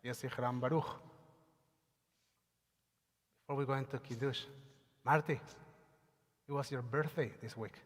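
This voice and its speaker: A man's voice: medium pitch, fairly even intonation, moderate pace, long pauses. Man leading a service in a reverberant hall. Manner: chants Hebrew prayers, talks with many hesitations. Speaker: service leader. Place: synagogue sanctuary. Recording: long hall reverb on a livestream.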